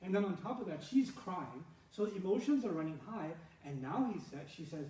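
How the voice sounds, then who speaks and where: A man with a high, mellow voice teaches a scripture lesson, animated and quick to laugh as he acts out the story. He sounds a little distant from the mic in an echoey room. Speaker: religious lecturer.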